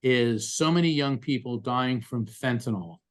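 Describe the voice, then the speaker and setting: A psychic medium appears as a guest in a conversational interview, speaking earnestly and telling animated stories. His voice is medium in pitch and unhurried.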